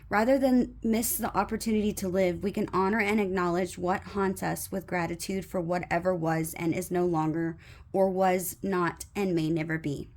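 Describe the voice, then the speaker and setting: A woman doing a tarot reading, reading the card's guidance aloud in a slow, measured way with soft fillers now and then. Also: on the low side. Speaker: tarot reader.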